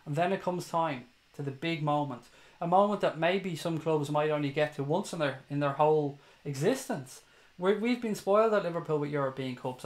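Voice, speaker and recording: Irish man ranting on a live stream. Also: on the high side. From Ireland (Dublin). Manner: opinionated, swears freely, chats to viewers. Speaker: fan channel host.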